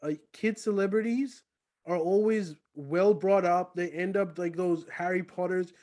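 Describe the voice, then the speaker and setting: A man's voice: sits high, fairly even intonation, a little slow, darkish tone. A man co-hosting a podcast, rambling and laughing in casual chat. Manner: giggly, rambling, swears casually. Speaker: podcast co-host.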